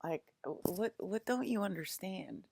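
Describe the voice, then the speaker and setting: A woman's voice: mid-range voice, lively intonation, unhurried, creaky, a little mellow, a little hiss or hum. A woman in a loose, rambling monologue. She laughs often and mocks the voices of people she quotes. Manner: loose, rambling, full of restarts.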